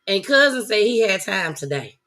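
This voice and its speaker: Woman host rambling to her viewers, laughs a lot, sharp bright tone. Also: mid-range voice, sing-song, moderate pace. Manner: loose, laughing, talks straight to viewers. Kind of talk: casual chat.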